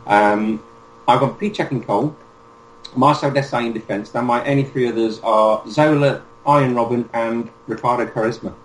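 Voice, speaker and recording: Casual podcast host, roomy sound. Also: male voice, medium pitch, moderate pace. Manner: laid-back, leads segments with fillers. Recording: echoey room with faint noise.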